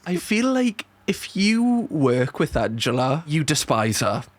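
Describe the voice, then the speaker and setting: A man's voice: on the high side, very animated, slow pace. A young man hosting a reaction video, giving casual, blunt, jokey commentary with plenty of swearing. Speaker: YouTube reaction host.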